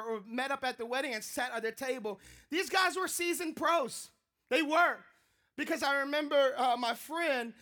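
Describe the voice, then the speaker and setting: A man preaching a sermon, telling a funny personal story in an animated, joking way. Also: very high voice. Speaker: pastor.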